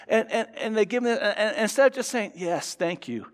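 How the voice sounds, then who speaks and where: Speaking fast in a high voice with fairly even intonation, a man preaches to his congregation. As a pastor, he keeps it conversational, restarts frequently, and acts out quotes, all captured with long hall reverb in the sanctuary.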